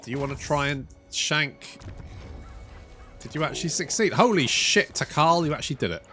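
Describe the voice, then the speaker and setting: A man's voice: fairly high pitch, normal speed, bright, forceful tone, faint music behind. A man giving casual, rambling let's-play commentary over a strategy game, swearing freely and poking fun at himself. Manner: rambling, sweary, self-mocking. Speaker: gaming YouTuber.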